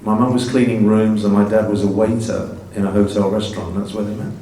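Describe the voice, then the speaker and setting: An English man in his sixties speaks with a slightly Americanized accent and a lowish voice. He tells stories with self-mocking humor. The recording is roomy and picked up from a distance, with faint ambience. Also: flat delivery, a little fast, dark tone. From England. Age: 60s. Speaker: guest actor. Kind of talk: stage Q&A conversation. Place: festival stage Q&A.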